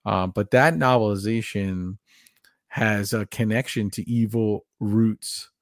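A man's voice: lowish voice, steady tone, takes it slowly, dry recording, studio quality. A man co-hosting a casual horror film podcast, talking with enthusiasm and rambling through trivia. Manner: enthusiastic, rambling, reads passages aloud. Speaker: podcast co-host.

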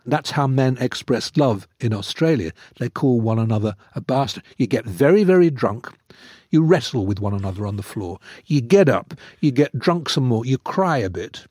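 A man's voice: medium pitch, moderate pace, no echo. Older male author, theatrical raconteur, close studio mic, very dry. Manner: animated, theatrical storyteller. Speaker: author guest. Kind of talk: conversational storytelling. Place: radio studio.

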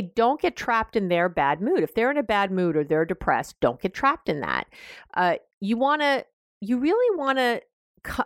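A middle-aged woman talks through parenting advice in a loose, animated way, stopping to rephrase herself and acting out what parents say. Her voice sits at an ordinary pitch. The sound is close and dry. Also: dry recording. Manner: conversational, animated, self-correcting, acts out parent lines. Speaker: parenting podcast host. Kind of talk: advice talk.

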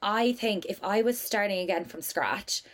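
A woman with a Cork Irish accent chats as a guest on a podcast. She tells stories in a lively, rambling way and scatters "like" through her sentences. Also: medium pitch, moderate pace. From Cork, Ireland. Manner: chatty, lively storyteller, many "like" fillers. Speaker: guest, business owner. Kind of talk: casual podcast chat.

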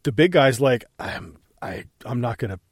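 Man, mid-pitched voice, film recaps, quoted lines, dry close mic. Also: lively intonation, normal speed, breathy edge, no room sound. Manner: retells film scenes, quoting lines. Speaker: podcast co-host. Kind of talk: casual chat.

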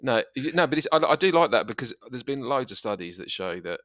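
A man's voice: mid-range voice, fast, dry recording. Chatty man with a southeast English accent. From southeast England. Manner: rambling, animated, self-interrupting. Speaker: podcast co-host. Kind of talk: casual chat.

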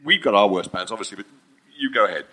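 Male interview host, lively pitch, bright tone, prodding questions. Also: fast talker, low-quality recording. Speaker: podcast host.

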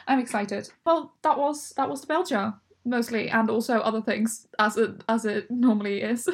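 Chatty young woman, higher voice. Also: moderate pace. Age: 20s. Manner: laughs often, chatty. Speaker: podcast co-host. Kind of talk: casual book club chat.

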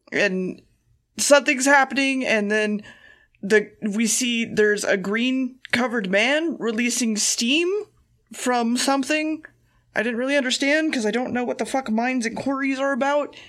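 A woman's voice: on the high side, moderate pace, fairly bright tone. A woman co-hosting a podcast, giving a casual, rambling and profane recap of an episode. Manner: profane and rambling, acting out quotes. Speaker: podcast co-host.

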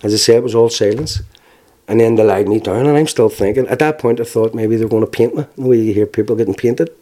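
A man with a Belfast accent giving a halting, plainspoken personal account, with restarts and wry laughs. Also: mid-range voice, mellow. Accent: Northern Irish, Belfast. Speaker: interviewee. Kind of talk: personal testimony.

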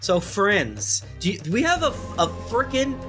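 A man's voice: high-pitched, wildly swooping pitch, normal speed, music in the background. A man hosting a casual podcast chat over a video call, joking and eagerly plugging channels. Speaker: podcast host.

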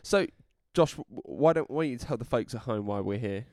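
A man's voice: mid-range voice, animated, fairly quick, a little mellow, no echo, studio quality. A young man co-hosting a podcast in casual chat, hungover, teasing his friend and hesitantly repeating himself. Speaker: podcast co-host.

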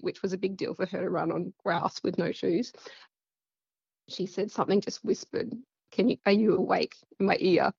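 A woman's voice: mid-range voice, a little mellow, breathy edge, dry recording, muffled recording. A woman with an Australian accent, telling a personal story in a casual, rambling way full of fillers. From central west Queensland, Australia. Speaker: guest.

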